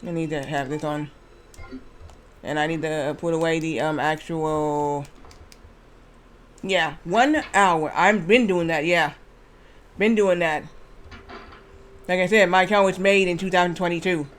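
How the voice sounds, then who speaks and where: Male game streamer, higher-pitched voice, loose rambling delivery, curses casually. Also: measured pace, pauses often, fairly bright tone. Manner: rambling, restarts, swears freely. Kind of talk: casual gameplay commentary.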